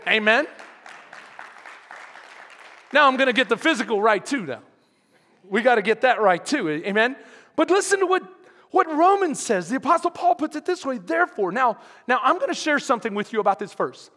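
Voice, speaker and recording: A man's voice: very high voice, sing-song, moderate pace, pauses often, bright, forceful tone, a faint crowd. A man preaching a sermon as pastor, emphatic and calling out to his congregation. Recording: long hall reverb.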